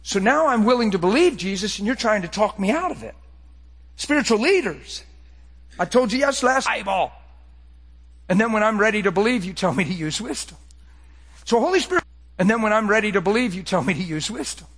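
Middle-aged man, preacher, high voice, impassioned storytelling, reverberant church hall. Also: fairly quick. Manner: impassioned storytelling, swings between hushed and excited. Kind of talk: sermon testimony.

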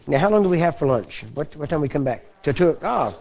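Folksy preacher from Texas. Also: male voice, fairly high pitch, sing-song, a little fast, darkish tone. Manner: folksy, asks the audience "Amen? You understand?"; clears his throat often. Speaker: preacher teaching a class. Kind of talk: sermon teaching.

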